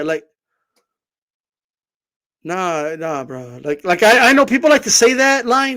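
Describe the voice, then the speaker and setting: A man talking boxing in a casual vlog, animated and swearing, rambling with lots of fillers. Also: sits high, takes it slowly, pauses often. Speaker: boxing commentator.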